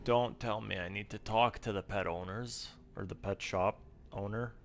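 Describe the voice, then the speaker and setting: A man's voice: on the low side, fairly even intonation, normal speed, creaky, a little hiss or hum. A man giving casual, chatty gameplay commentary, self-deprecating and swearing now and then. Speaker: streamer.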